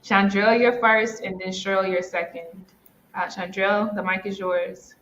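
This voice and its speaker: A woman's voice: mid-range voice, fairly even intonation, measured pace, a bit bright. A woman hosting a live online event, effusive and encouraging as she praises and introduces speakers. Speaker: event host. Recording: dull lo-fi audio with faint noise.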